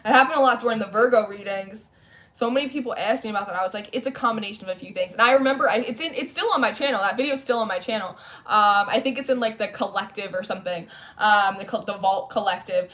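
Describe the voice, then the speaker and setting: A young woman does tarot readings on a livestream from a candlelit room at home, chatting casually, rambling as she reads and responding to viewer comments. Her voice is medium in pitch and fairly bright, and she talks quickly.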